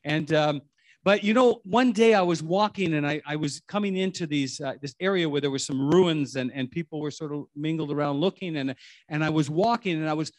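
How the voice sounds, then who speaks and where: A man's voice: on the high side, fairly quick, no room sound, clean studio sound. A middle-aged man preaching a sermon in a rambling, conversational way, full of restarts and asides. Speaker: pastor.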